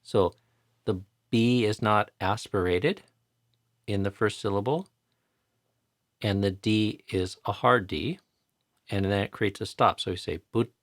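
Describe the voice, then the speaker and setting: An American man teaching chanting pronunciation patiently in a live online tutorial, repeating each sound slowly to demonstrate it. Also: lowish voice, dry recording, studio quality. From United States.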